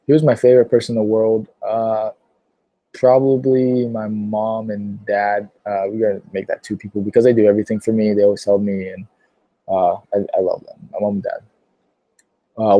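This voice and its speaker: A nineteen-year-old man answering viewer questions on a casual livestream, his voice mellow and dark in tone and slightly low in pitch. He rambles in an offhand way, dropping plenty of "uh"s between answers. The sound is dry and close, with no room echo. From Pittsburgh, Pennsylvania. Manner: rambling, filler-heavy, many "uh"s.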